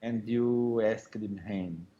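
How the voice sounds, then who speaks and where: A man, a native Portuguese speaker, practicing English in an online lesson, talking haltingly with many fillers over a muffled video call. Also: lowish voice, mellow. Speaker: English student.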